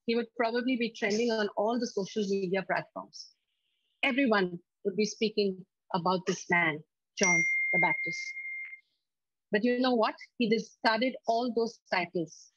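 A woman preaching a sermon, reading scripture slowly and emphatically and leading the congregation to repeat lines. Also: fairly high pitch, husky, no room sound, dull audio. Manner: slow, emphatic scripture reading with call-and-response.

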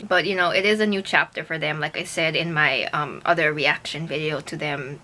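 A woman's voice: deep voice, steady tone, brisk, pushed and bright. A young woman reacting to a music video in a casual chat to camera, emotional and gushing, with lots of fillers.

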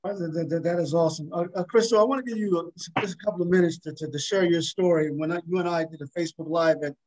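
A man's voice: a little high, fast, a little mellow, poor audio. A male talk show host introducing a guest on a video call, stammering and repeating words.

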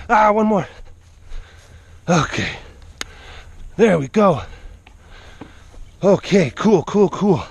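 A man's voice: sits high, big pitch swings, drawn-out words, creaky, long pauses, husky, no echo. A man vlogging out of breath, giving a casual running commentary outdoors and coaxing animals along as he goes. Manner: coaxing, chattering to animals between remarks. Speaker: vlogger working with big cats.

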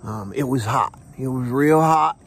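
A man hosting a comic vlog outdoors, talking in a folksy, hushed, deadpan way and tagging phrases with "okay?". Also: mid-range voice, measured pace, slightly rough. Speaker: vlog host playing a self-styled squirrel expert. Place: outdoors under a tree on a farm. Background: faint crickets and insects.

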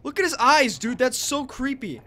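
A man hosting a casual gameplay video, talking excitably in a rambling way and often yelping and laughing into a headset mic. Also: very high voice, moderate pace, a little hiss or hum. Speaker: gaming channel host.

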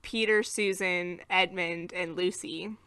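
A woman's voice: lowish voice, fairly even intonation, slow, pushed and bright, clean tone, no room sound. An American woman co-hosting a podcast, chatting casually through a movie review and recapping the plot, laughing at her own slips. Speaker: podcast co-host.

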